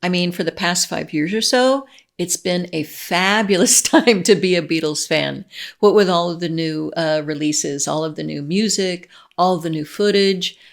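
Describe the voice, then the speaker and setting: Gravelly, gushing middle-aged woman. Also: on the low side, normal speed. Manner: gushing, excitable, many restarts and laughs. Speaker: vlogger. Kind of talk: casual chat to camera.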